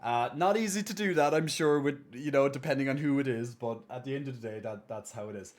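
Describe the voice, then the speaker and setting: A man's voice: mid-range voice, fairly quick. A man live-streaming, chatting casually and reassuring viewers as he reads their messages and thanks subscribers.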